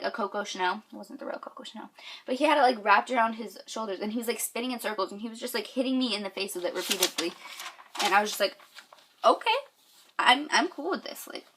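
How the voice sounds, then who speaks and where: A woman's voice: on the high side, fairly bright tone. A young woman from New York telling a story to camera with lots of fillers, gushing and squealing when she quotes people. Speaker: vlogger.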